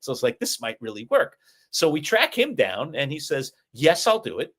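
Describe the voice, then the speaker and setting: A middle-aged man co-hosting a sports talk show, chatting and telling stories in an animated way. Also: on the high side, a little fast. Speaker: co-host.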